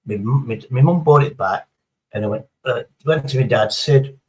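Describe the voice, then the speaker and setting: A man in a live stream, talking in a loose, rambling way and swearing freely. His voice sits at an ordinary middle pitch as he drifts from story to chat and back. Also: normal speed, a little mellow, poor audio.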